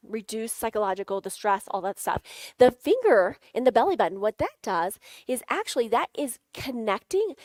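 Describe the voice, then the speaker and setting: A middle-aged woman leads a live sales workshop, her voice sitting a touch high as she coaches the audience step by step. She keeps it playful, tossing in jokey asides and laughing often. The sound is close and dry. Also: dry recording. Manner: playful, coaching, guides audience through tapping exercises.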